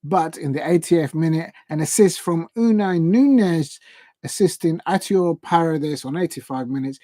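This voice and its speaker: A man's voice: fairly high pitch, moderate pace, mellow, no room sound. A man hosting a live football watch-along stream, recapping the day's results in a chatty, rambling way and stumbling over player and club names.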